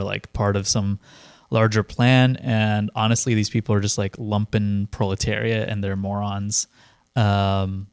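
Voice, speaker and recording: A man's voice: lowish voice, darkish tone, clean tone, no room sound. Man, podcast co-host, casual political chat, sardonic and rambling, dry close sound. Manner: rambling, sardonic, many fillers and restarts.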